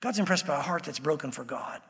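A man's voice: on the high side, lively intonation, fast talker, fairly bright tone, long reverb tail. A man preaching a sermon in a conversational way, acting out the voices he quotes. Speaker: pastor.

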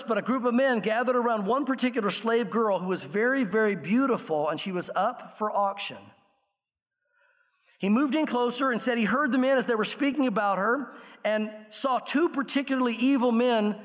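A man preaching a sermon, telling an illustration story earnestly and slowing down for the emotional parts. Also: very high-pitched. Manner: earnest storytelling, slows and softens for emotional quotes. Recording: long reverb of a large room.

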